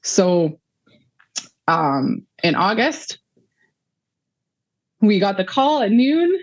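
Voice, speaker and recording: A woman's voice: mid-range voice, big pitch swings, extremely slow, no room sound, highs cut off. A woman in her thirties, a guest on an interview show, telling a long personal story in a rambling way with many fillers. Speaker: guest, mother of a child patient. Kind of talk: conversational interview.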